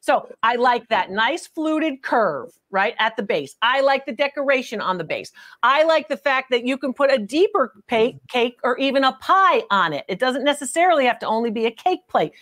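A woman's voice: sits high, lively intonation, normal speed, fairly bright tone. A woman hosting a live antiques appraisal show, chatting and teasing with callers, calling them honey and laughing often. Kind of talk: lively live-stream chat with callers.

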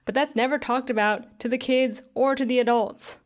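A woman's voice: a little high, steady tone, moderate pace. A young woman reading a scripted video essay in a critical, conversational way, with sarcastic asides.

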